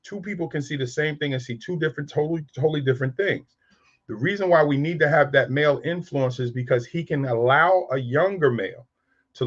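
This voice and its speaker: A man's voice: fairly high pitch, highs cut off. A man in his fifties telling frank, streetwise stories about raising boys. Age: 50s. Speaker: speaker on raising sons. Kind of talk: candid storytelling talk.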